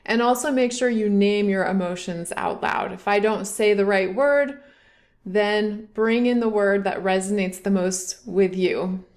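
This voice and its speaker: A woman instructor leads a guided tapping session. She talks in a calm, measured way and repeats short affirmations slowly, leaving room for listeners to follow along. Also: mid-range voice. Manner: calm, slow guiding with repeated affirmation phrases.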